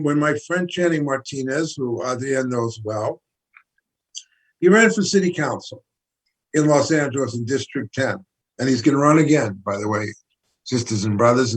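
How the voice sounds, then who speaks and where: A man's voice: mid-range voice, slightly rough, poor audio. An older man, a guest activist, speaking with emphatic, preacherly fervor in an interview, repeating figures for effect. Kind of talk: impassioned interview talk.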